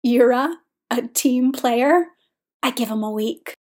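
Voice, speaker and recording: A woman's voice: on the high side, takes it slowly, a little mellow. Woman voicing a pouty, whiny man. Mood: amused. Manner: whiny, indignant. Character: dramatic adult male skating coach, pouty.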